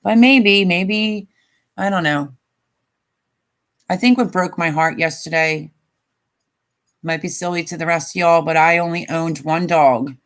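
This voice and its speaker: A woman's voice: low-pitched, fairly even intonation, a little slow, long pauses. An older woman chatting casually on a live stream, tired and emotional, rambling with many fillers. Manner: emotional, rambling, tearful at times.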